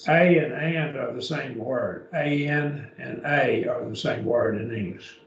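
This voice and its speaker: This man's voice sits in the mid range and moves a little slowly as he patiently explains Greek basics to beginners, frequently asking "okay?" Captured at a distance in an echoey church classroom, the dull lo-fi recording carries a little hiss or hum.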